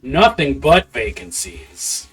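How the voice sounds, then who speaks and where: This game master's voice is fairly high and fairly bright, with a breathy edge, big pitch swings, and a slow pace. He's prepping a campaign live on stream, thinking aloud, mumbling rough notes to himself and cursing offhandedly over faint background music.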